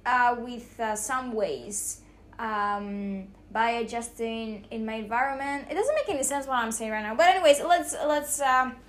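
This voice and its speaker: Woman, high voice, podcast host, emotional, rambling, halting, many restarts, home kitchen. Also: a bit bright. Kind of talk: casual solo podcast talk.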